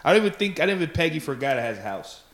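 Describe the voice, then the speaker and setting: A man from Nigeria, a guest trading loud, laughing banter in casual chat at a house. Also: fairly high pitch, big pitch swings, rapid-fire, poor audio.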